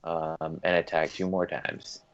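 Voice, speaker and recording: Tabletop game player: a man with a very deep voice and a hesitant manner, recorded on a dull, lo-fi mic. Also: flat delivery, a little slow. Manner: hesitant, full of ums while tallying dice. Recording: dull lo-fi mic with faint noise.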